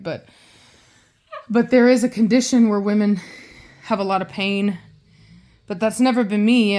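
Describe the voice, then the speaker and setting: A woman in her late thirties chatting casually in a vlog, rambling and candid, with many fillers and restarts, and now and then cooing to her pet bird. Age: late 30s. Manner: coos in a high, soft baby-talk voice to her bird. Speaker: vlogger and pet bird owner.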